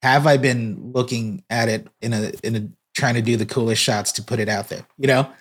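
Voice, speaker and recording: A man's voice: medium pitch, fairly even intonation, fairly quick, slightly rough. A man, a guest on a podcast, telling an earnest story about his work in church broadcasting. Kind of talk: casual podcast conversation.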